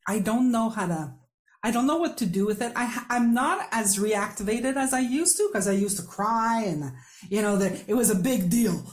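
A woman's voice: on the high side, moderate pace. A woman hosting a podcast interview, telling a personal story openly, often laughing as she speaks. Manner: open, laughing, animated storytelling. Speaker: podcast host. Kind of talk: candid conversational interview.

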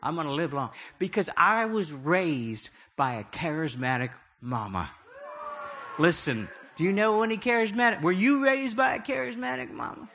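A man's voice: high-pitched, sing-song, moderate pace, creaky, pushed and bright. A middle-aged man preaching a humorous sermon, telling stories with jokey, self-deprecating asides. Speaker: prophetic speaker.

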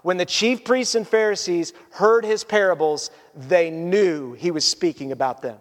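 A man preaching a sermon as a pastor, animated and conversational. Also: sits high, unhurried, big-room sound.

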